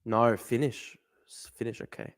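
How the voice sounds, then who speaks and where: A man's voice: mid-range voice, little pitch movement, moderate pace. A man hosting a casual livestream, talking himself through a guessing game. He mutters asides, swears often and breaks into exasperated outbursts. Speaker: livestream host.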